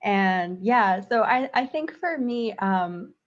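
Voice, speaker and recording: A woman's voice: mid-range voice, expressive, slow, dull audio. A woman author on a book panel, speaking thoughtfully and hesitantly with many fillers. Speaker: graphic novel author on a panel. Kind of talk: panel discussion.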